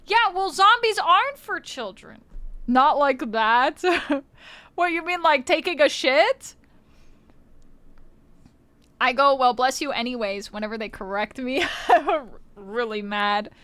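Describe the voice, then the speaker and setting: A woman's voice: sits high, very animated, slow pace, long pauses, sharp tone, no echo. A woman streamer in casual livestream chat, playful, swearing freely and laughing often, on a close mic.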